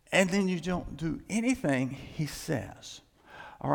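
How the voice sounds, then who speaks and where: Man, pastor, sermon, emphatic, gravelly fry-laden voice, long hall reverb. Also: expressive, moderate pace. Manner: emphatic, rises in pitch and volume for emphasis.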